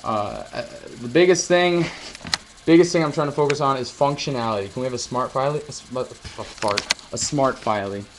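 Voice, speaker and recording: A man's voice: mid-range voice, brisk. A man chatting casually to viewers on a live stream, rambling and swearing now and then. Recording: roomy echo, faint noise.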